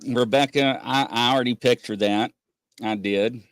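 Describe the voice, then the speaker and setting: A man co-hosting a casual livestream, chatting with viewers in an animated way and often laughing as he acts out conversations. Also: normal speed, clean tone, no echo. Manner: animated, laughing, acts out quoted exchanges in a higher voice. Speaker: livestream co-host.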